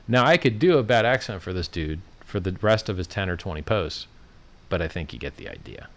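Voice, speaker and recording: A man with a fairly low voice hosts a casual livestream. He talks in a brash, mocking manner and rants at his targets. His commentary is loose and off-the-cuff. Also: lively intonation, fairly quick. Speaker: livestream host.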